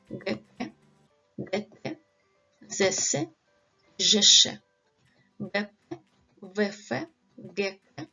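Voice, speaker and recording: A woman teaches a language lesson, speaking slowly and deliberately as she drills pronunciation. Her voice is a little husky, set at a middle pitch. The audio is slightly dull, with faint music behind her. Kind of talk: language lesson, slow and careful.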